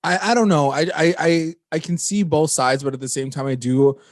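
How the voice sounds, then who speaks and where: A man's voice: on the high side, normal speed, no echo, studio quality. A man casually recapping a TV episode with his co-host, swearing freely and acting out the characters' lines. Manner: animated, swears freely, acts out quotes. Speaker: podcast co-host.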